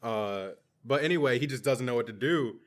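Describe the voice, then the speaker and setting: A man hosting a podcast in casual chat, retelling a plot in an animated way and slipping into the voices of the people he quotes. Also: mid-range voice, normal speed. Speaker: podcast host.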